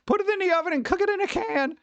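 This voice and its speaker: A shrill manic bro chef. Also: male voice, rapid-fire, dry recording, muffled recording. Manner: frantic, pushy, bro-talk. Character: manic hyped-up male chef, reckless bro.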